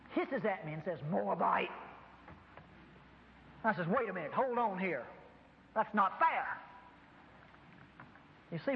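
A pastor preaches to a congregation in a large room, emphatic and dramatic, acting out dialogues as he goes. His voice is high, and the dull audio carries a long reverb tail.

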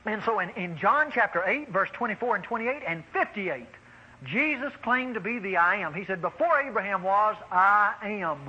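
A man preaching a sermon, animated and exclaiming, addressing the congregation as beloved. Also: sits high, moderate pace, husky, lo-fi sound.

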